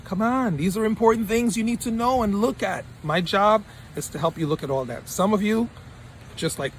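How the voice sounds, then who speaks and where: A man's voice: high voice, lively intonation, fairly quick, a little hiss or hum. A male mentor giving a motivational talk to camera, emphatic and repeating his points for punch. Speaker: study-abroad mentor.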